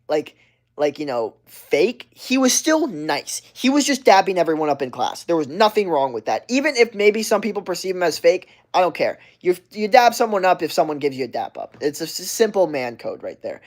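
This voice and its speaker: His voice is high, very animated and fairly quick as this young adult livestreamer tells a meandering, foul-mouthed story. "Like" turns up nonstop.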